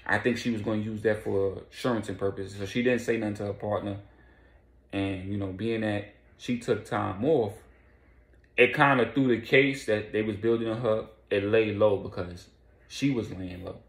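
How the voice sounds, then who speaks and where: A man casually recapping a crime storyline in loose street slang, now and then voicing quoted lines in quick bursts. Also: lowish voice, roomy sound.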